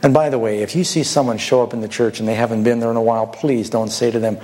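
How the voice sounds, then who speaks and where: A man's voice: mid-range voice, steady tone, fast, hardly any pauses, darkish tone. A man delivering a sermon in an ordinary mid-range voice, moving between storytelling and rhetorical questions put to his listeners. He builds scenes with short phrases and asks the congregation to weigh each point. A faint ambient noise sits under the recording. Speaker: preacher.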